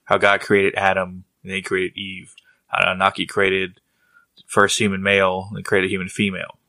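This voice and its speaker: A man's voice: low-pitched, monotone, normal speed, bright, forceful tone, dry recording. A man co-hosting a casual podcast, rambling with restarts and jokes. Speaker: podcast co-host. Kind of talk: casual chat.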